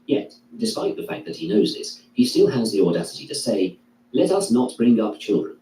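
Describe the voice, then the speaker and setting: Male reader, dark tone, measured declaiming delivery of a classical text; roomy, echoey recording. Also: lowish voice, very animated. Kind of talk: reading a classical philosophy text aloud. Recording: echoey room, distant mic, faint hum.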